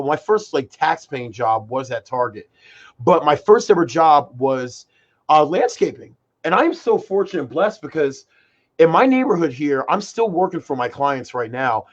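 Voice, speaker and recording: A young man in his twenties chats casually as co-host, rambling excitedly through personal stories. His voice sits a little high. The audio is muffled and lo-fi. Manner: excitable storyteller, many fillers like "like" and "freaking". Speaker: podcast co-host. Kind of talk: casual chat.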